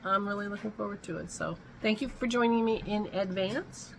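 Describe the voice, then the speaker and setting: A woman's voice: medium pitch, brisk, vocal fry, slight background noise, low-quality recording. A woman hosting a casual home vlog, chatting in a rambling way and breaking off mid-thought, with hiccups. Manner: rambling, chatty, self-interrupting. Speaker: vlog host.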